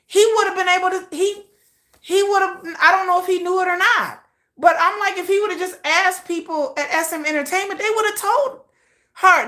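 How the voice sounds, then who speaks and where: Woman livestream host, blunt and slangy, bright tone, higher voice. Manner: blunt, animated and slangy, acting out quoted lines. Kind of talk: casual opinion livestream.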